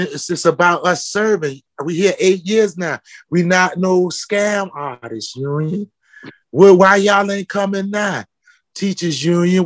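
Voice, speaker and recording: A footwear company founder speaks with passion in an interview, his high voice recorded without room sound. He's fiery and preachy, calling people out with repeated questions.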